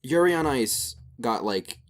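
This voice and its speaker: This young podcast co-host has a mid-range voice and talks a little slowly. He's lively and rambling in the casual chat, leaning heavily on filler words.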